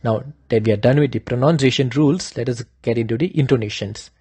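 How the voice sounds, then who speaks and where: A man methodically explaining, step by step, how Vedic chanting uses three pitch levels, in an instructional style. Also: fast talker, darkish tone, breathy edge, no room sound.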